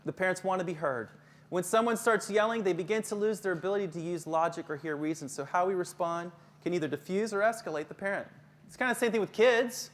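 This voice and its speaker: A man's voice: high-pitched, quick pace. A middle-aged man leading a live workshop for teachers, joking and conversational, often putting questions to the audience. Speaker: counselor giving a workshop to teachers.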